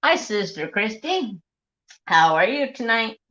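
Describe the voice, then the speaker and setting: A man's voice: high-pitched, very animated, a little slow, pushed and bright, muffled recording. A man hosting a casual crafting livestream, telling salty, rambling stories and greeting viewers in the chat. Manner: rambling, salty storytelling while reading live chat. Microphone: handheld phone.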